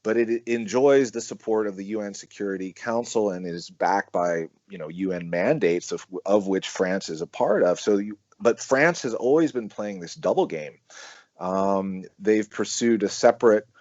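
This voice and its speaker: A man, a researcher being interviewed on a podcast, explaining in a measured, analytical way with frequent "um" and "you know" and the odd "right?". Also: fairly low pitch, darkish tone, no echo, lo-fi sound. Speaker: researcher and author, interview guest.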